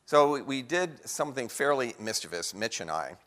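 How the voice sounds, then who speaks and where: A man giving a lively storytelling talk to an audience, acting out the voices of people in his story. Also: mid-range voice, normal speed. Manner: animated storyteller acting out quotes. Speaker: guest speaker. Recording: long hall reverb.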